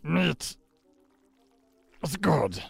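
A man voicing a flesh monster made of lice in a tabletop game, speaking slowly in single words. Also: on the high side, big pitch swings, gravelly, husky, soft background music, full character voice. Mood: eerie. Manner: slow, terse, few words.

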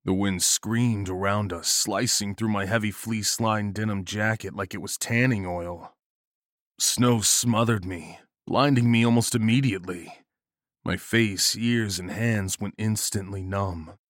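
A man narrating a first-person horror story in a grim, measured way. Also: lowish voice, a bit bright, no room sound, studio quality.

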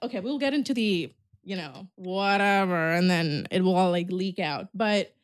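A woman's voice: fairly low pitch, normal speed, a little hiss or hum. A woman in her twenties hosting a podcast, chatting casually and animatedly, swearing and laughing often. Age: 20s. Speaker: podcast host. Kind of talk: casual chat.

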